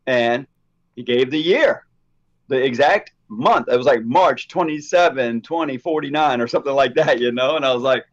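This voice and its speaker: A man co-hosting a casual podcast chat, telling stories and acting out the quoted dialogue with lively energy. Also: mid-range voice, normal speed, lo-fi sound. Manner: animated storyteller, acts out quoted dialogue. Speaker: podcast co-host.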